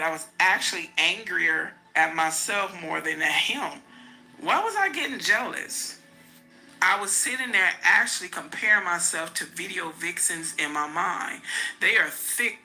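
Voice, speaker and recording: Gravelly, bright-voiced woman reading aloud. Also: on the low side, poor audio. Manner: breaks off to comment on the text. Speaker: podcast host reading a memoir. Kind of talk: reading a book aloud with asides.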